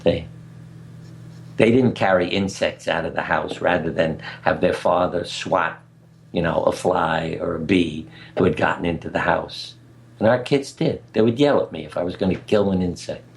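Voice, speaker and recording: A man's voice: low-pitched, moderate pace, gravelly. An older man talking as a radio guest, telling stories in an earnest, anecdotal way and chuckling at his own tales. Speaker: guest speaker. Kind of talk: conversational storytelling interview. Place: radio interview.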